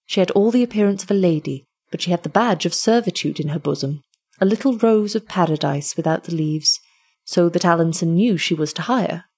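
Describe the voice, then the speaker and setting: A woman reading an old tale aloud in a measured, expressive way. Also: on the low side, breathy edge. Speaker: storyteller.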